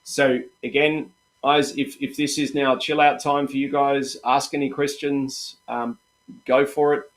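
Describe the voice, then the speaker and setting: A middle-aged man with an Australian accent leads a live trading-room stream in a relaxed, chatty way. He keeps encouraging his viewers and calls them mate and guys. His voice sits at an average pitch for a man. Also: measured pace.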